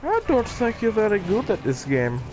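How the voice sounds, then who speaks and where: A man's voice: high-pitched, wildly swooping pitch, normal speed, noisy background. A young man casually commenting on his own play, rambling and mocking himself. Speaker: gaming channel host.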